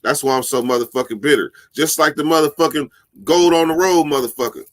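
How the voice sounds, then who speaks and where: A man hosting a casual live stream, telling stories in a loose, profane, animated way and laughing often. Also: fairly high pitch, fairly quick.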